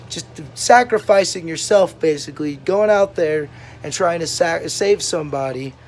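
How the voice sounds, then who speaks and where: A young male vlogger tells stories to his channel in a laid-back, casual way, swearing freely and laughing now and then. His voice is on the high side and a little mellow.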